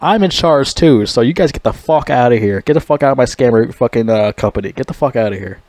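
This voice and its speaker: A man's voice: mid-range voice, expressive, fast talker, a little mellow, no room sound, lightly acted. A man voicing a cocky young male crime boss who swaggers and swears. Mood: defiant. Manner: swaggering, profane.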